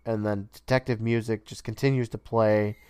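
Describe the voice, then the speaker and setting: A man's voice: lowish voice, flat delivery, normal speed, darkish tone, clear, resonant tone, dry recording, studio quality. A man co-hosting a podcast, recapping a show casually, swearing freely and laughing often. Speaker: podcast co-host.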